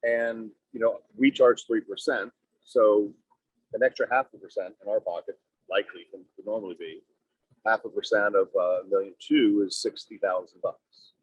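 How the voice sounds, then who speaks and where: A man's voice: fairly even intonation, normal speed, husky, no room sound. A man, a real estate broker, coaching his team in a meeting with leading questions. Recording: muffled low-fidelity audio.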